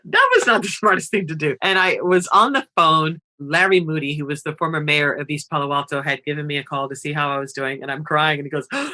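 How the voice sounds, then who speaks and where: Woman, interview guest, bright forceful tone, expressive storyteller, laughs often. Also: sits low, brisk. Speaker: nonprofit founder, guest.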